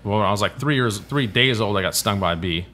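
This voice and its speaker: A man's voice: lowish voice, quick pace, bright, forceful tone. A man, telling profane, rambling stories on a casual podcast. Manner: profane, rambling anecdotes with acted-out quotes. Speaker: guest, stunt biker.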